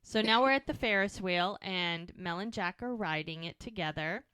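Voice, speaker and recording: A woman co-hosting a podcast, casually recapping a TV episode as an animated storyteller with chatty asides. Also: on the low side, normal speed, smooth, no echo. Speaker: podcast co-host.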